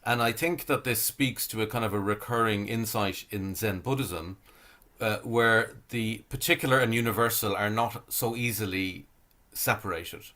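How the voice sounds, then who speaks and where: Give me a middle-aged man with a lower voice, hesitant and reflective, speaking over a video call. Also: normal speed, bright, forceful tone. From Ireland. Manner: thoughtful, hesitant, many fillers and restarts. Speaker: Zen priest and guest speaker.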